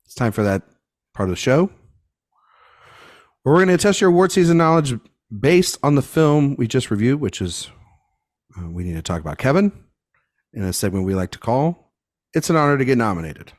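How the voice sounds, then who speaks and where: A man co-hosting a film podcast, his pitch swinging widely as he talks. He speaks in animated bursts, often stopping and restarting mid-thought. His voice sits at a middle pitch. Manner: animated, halting, frequent restarts. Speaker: podcast co-host. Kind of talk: casual film podcast chat.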